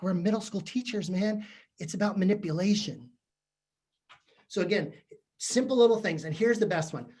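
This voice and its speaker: Male presenter, chatty and self-mocking, working humor into a training talk for teachers. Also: high voice. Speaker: keynote speaker to teachers. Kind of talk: humorous professional development talk. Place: virtual session from home or office.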